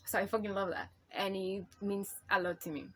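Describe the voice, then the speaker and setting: On a casual book review vlog, a woman with a medium-pitched, slightly bright voice talks briskly but with a flat delivery, over slight background noise. She gushes and swears a lot, rambles with constant "like" and "you know," and gets emotional enough to nearly cry.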